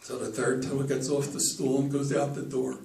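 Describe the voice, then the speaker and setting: A man's voice: mid-range voice, monotone, moderate pace, creaky, a little mellow. An older man telling jokes to an audience, often stammering and repeating words as he goes. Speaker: joke teller. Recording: echoey room, far from mic.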